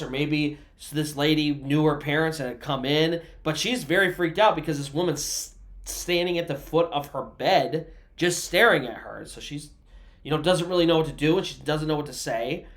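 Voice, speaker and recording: A man's voice: on the high side, fairly bright tone. A man narrating a true story in a casual, conversational way, with asides to the listener and everyday fillers.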